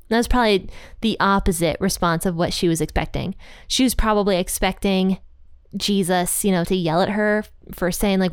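A woman's voice: mid-range voice, moderate pace, clean tone, no room sound, studio quality. A woman giving a casual, chatty Bible commentary. She fills her talk with "like" and "you know" and laughs at parts of the story. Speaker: Bible teacher.

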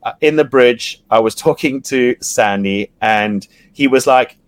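A man talks casually as a guest, recorded dry and close with no room sound. He is animated, laughing often and swearing, and he restarts his sentences a lot. His pitch sits in the middle for a man. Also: unhurried, no room sound. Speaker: podcast guest, reality TV yacht crew member. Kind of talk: casual storytelling chat.

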